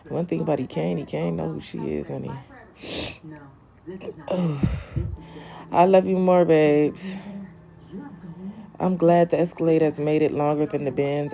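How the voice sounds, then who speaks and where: A woman's voice: sits low, gravelly. A young woman hosting a casual livestream from home, chatting with viewers in a sassy way and calling them honey and queen. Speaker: livestream host. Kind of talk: casual livestream chat reading comments.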